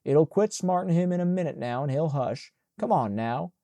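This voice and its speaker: A man's voice: a little high, animated, moderate pace, warm tone, dry recording. A man voicing an elderly woman housekeeper who scolds and soothes in a Southern dialect. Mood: scolding.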